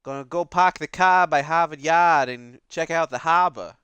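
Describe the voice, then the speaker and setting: A man's voice: on the high side, normal speed, sharp tone, clear, resonant tone, no room sound. A man with a mild Massachusetts accent giving casual, jokey and profane commentary as he plays a video game. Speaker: let's play host.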